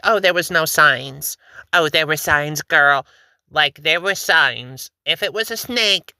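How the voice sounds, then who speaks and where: Woman host, casual meme reaction, bright edge, dry close sound, playful and chatty. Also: lowish voice, no room sound. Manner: joking, chatty, puts on quick voices for quoted posts.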